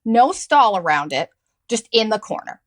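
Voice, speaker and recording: High-voiced woman telling a profane story. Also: moderate pace, rough recording. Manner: sarcastic, profane, animated storytelling. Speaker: podcast host. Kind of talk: casual storytelling monologue.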